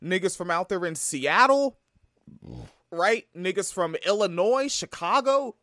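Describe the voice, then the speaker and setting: A man from Tacoma gives profane reaction commentary, blunt and sarcastic. His pitch sits high and leaps around a lot. The close mic sounds dry, with no room around him. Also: animated, a little slow, pushed and bright, no echo. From Tacoma, Washington. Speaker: commentary vlogger reacting to a sketch.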